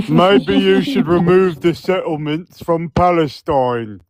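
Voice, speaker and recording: A man's voice: on the high side, takes it slowly, a crowd in the background. A man hosting a live stream panel, teasing guests with dry irony in casual banter.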